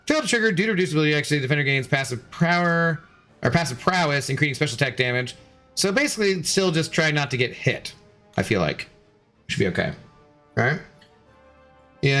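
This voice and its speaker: Talking fast and animatedly, this streamer has a high-leaning, sharp voice, with faint music in the background. He rambles casually over his video game, saying hello to viewers and reading their chat messages out loud.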